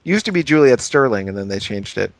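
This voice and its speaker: A man's voice: mid-range voice, animated, fast talker, no room sound. A man co-hosting a gaming podcast, playful and upbeat, asking a lot of questions in casual chat. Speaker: podcast co-host.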